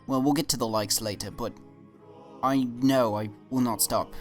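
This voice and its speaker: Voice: mid-range voice, normal speed, faint music behind. A YouTube commentator answering comments in a vlog, defensive and exasperated, rambling with frequent restarts.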